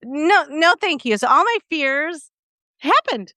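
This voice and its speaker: A woman's voice: high-pitched, sing-song, takes it slowly, bright, forceful tone, no room sound. A young adult woman co-hosting a podcast in casual chat, telling a story animatedly with lots of fillers and acted-out quotes. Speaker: podcast co-host.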